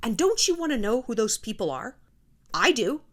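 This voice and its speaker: Brash woman vlogger, fairly high, swoops a lot, swears freely, pep-talk delivery. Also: very animated, normal speed, a bit bright. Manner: blunt and profane, pep-talk tone. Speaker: YouTube host. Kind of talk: casual motivational talk to camera.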